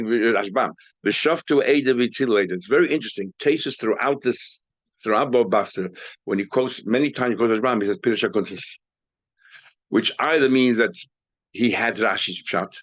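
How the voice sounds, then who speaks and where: A man's voice: medium pitch, no room sound. A man teaching a class as a rabbi, explaining a text with frequent restarts and repeated words, recorded dry and dull.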